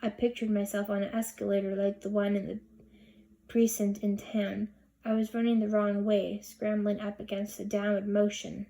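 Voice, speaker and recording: A woman's voice: medium pitch, level tone, moderate pace, dark tone. A woman narrating a children's chapter book in first person, reading expressively. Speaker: audiobook reader. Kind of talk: storybook narration.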